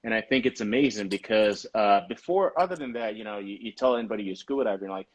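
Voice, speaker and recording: A man hosting a relaxed conversation, telling stories with animation and laughing easily. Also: lowish voice, fast, hardly any pauses. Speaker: podcast host. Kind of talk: casual chat.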